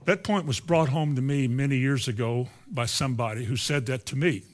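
A man preaching a sermon, moving between quiet asides and loud, emphatic lines. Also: medium pitch, a little fast.

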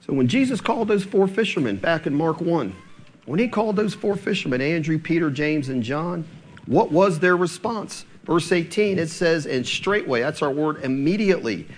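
A male pastor preaching a sermon, emphatic and full of rhetorical questions. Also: fairly high pitch.

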